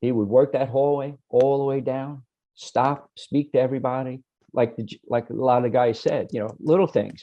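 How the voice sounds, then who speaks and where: A man on a video call panel, haltingly recalling a late friend with many restarts. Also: mid-range voice, no echo, muffled recording.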